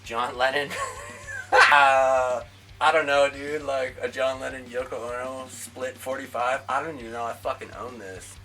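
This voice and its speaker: A man's voice: medium pitch, flat delivery, a little slow, bright, forceful tone. A young man from a band giving a casual tour of his home and backyard, offhand and swearing a lot. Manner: profane, jokey and offhand. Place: home, indoors then backyard.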